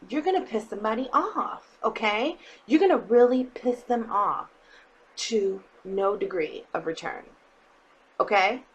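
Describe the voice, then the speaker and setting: A woman's voice: a little high, slight background noise, poor audio. A woman giving a casual tarot reading to her viewers, blunt and emphatic, swearing freely and often checking in with "okay?". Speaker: tarot reader.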